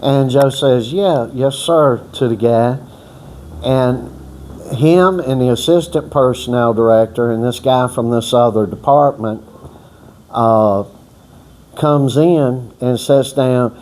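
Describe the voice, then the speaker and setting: A man's voice: mid-range voice, slow, darkish tone, slight background noise. A man casually telling a long, rambling story with folksy, profane talk and many restarts. He acts out other people's words as he goes. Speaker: storyteller on a boxing workout channel.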